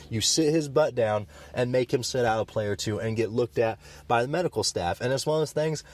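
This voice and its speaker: A man's voice: medium pitch, fairly quick, hardly any pauses, a little mellow. A man co-hosting a sports podcast, talking in an emphatic, passionate and opinionated way. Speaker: podcast co-host.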